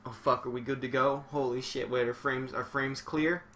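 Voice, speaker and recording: A young man commentating a wrestling video game on a live stream, excitable and swearing a lot, shouting one moment and muttering the next. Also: medium pitch, normal speed, a little hiss or hum.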